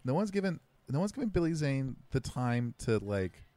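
A young adult man co-hosting a podcast, talking through a film in rambling, self-deprecating casual commentary, quick and slurred, restarting his sentences. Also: medium pitch, sing-song, dark tone, no echo. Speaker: podcast co-host. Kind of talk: casual movie-watching commentary.

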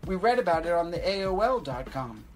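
Woman doing impatient crude young man, blunt, raised pitch, a bit loud. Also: big pitch swings, fairly quick, faint music behind. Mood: eager.

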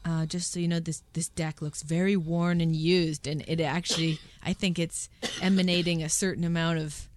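A woman hosting a podcast, chatting casually and telling lively stories. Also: low voice, normal speed, hardly any pauses. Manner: chatty, excitable storytelling with laughs. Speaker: podcast host. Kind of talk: casual interview chat.

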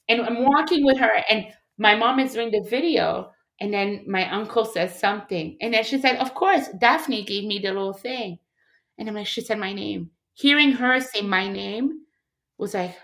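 A woman's voice: medium pitch, a bit bright. Woman sharing grief in candid talk. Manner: emotional, reflective, many "like" fillers. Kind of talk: candid casual conversation.

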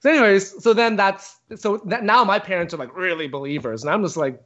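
A man's voice: brisk, few pauses. A man in a casual podcast chat, telling a long story animatedly with profanity and quoted voices. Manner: animated, profane, acts out quotes with big pitch jumps. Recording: dull lo-fi sound.

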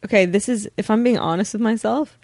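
A woman's voice: medium pitch, a little fast, darkish tone, no echo. A woman, a comedian guest on a podcast, chatting playfully with a lot of giggles. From Canada. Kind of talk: casual podcast chat.

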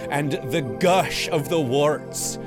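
A man playing a tabletop game, acting out his character in an animated, goofy way. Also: on the high side, slow. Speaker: player. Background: music playing.

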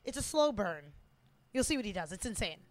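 A woman's voice: medium pitch, sing-song, brisk, a little mellow, no room sound. A woman from Canada chatting casually about movies, blunt and opinionated with a ready joke. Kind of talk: casual movie-watching chat.

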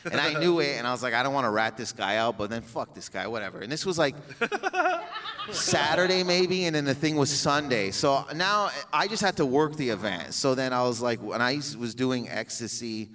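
A man's voice: medium pitch, animated, a little fast, bright, forceful tone. A young man telling a long comedic story on stage, rambling, swearing and laughing often.

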